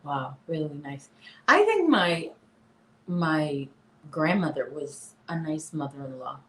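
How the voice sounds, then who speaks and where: Woman, late 40s, lowish voice, chatty live-stream host, echoey apartment room. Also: sing-song, slow, fairly bright tone. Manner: chatty, talks to her dog and viewers. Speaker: livestream host. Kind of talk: casual live chat.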